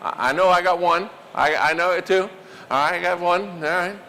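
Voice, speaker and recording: A man giving a live workshop talk, animated and quizzing the audience. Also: sits high, moderate pace, in a large hall. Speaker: workshop presenter.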